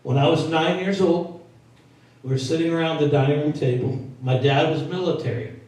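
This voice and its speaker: A man in his sixties, an oldies singer and entertainer, telling animated, folksy stories to a live audience at a performance venue. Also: fairly high pitch, normal speed. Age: 60s. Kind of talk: stage storytelling to a live audience. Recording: echoey hall, mic from far off.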